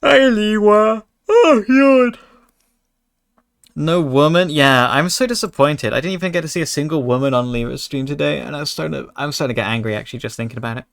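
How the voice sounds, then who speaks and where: A man's voice: medium pitch, fast, gravelly, hardly any pauses, a bit bright. A man streaming a card game, chatting casually with his chat and joking in mock anger. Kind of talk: casual gaming commentary.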